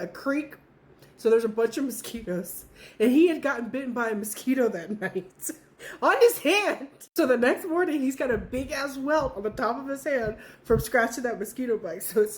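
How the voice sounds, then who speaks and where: A young woman casually telling a funny story from her childhood, swearing freely and laughing often. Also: sits high.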